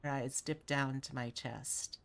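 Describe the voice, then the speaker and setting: Low-voiced woman streamer reading a game. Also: steady tone, a little slow, vocal fry. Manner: reads narration aloud, comments with laughs. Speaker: VTuber streamer. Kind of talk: live-stream visual novel read-through.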